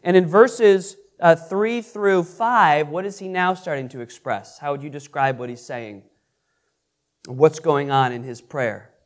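A man's voice: on the high side, unhurried. A man teaching scripture as a pastor, asking the audience questions and reading verses aloud with earnest emphasis. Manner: earnest, repeats and restarts, reads scripture aloud with rising emphasis. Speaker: pastor teaching a Bible class. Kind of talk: interactive sermon with questions to the audience.

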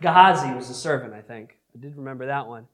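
Man, pastor, casual Bible teaching, conversational, asks the audience questions, middle pitch. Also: fast talker.

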